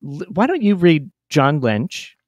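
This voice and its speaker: A man's voice: fairly high pitch, very animated, unhurried, dry recording. A man with a Midwestern American accent, hosting and telling a true story in a chatty, self-deprecating way. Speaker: podcast host. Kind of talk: casual storytelling chat.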